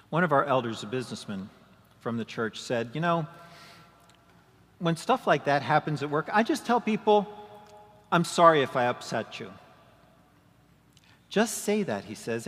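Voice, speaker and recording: A male pastor preaching from the pulpit, mid-pitched and measured. He poses rhetorical questions and briefly acts out the excuses he quotes. His voice rings with a long reverb that trails through the sanctuary. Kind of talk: sermon.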